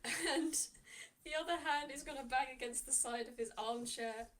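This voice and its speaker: A woman's voice: high-pitched, moderate pace, fairly bright tone. A woman playing a tabletop game, animatedly describing her character's actions and laughing often. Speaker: player.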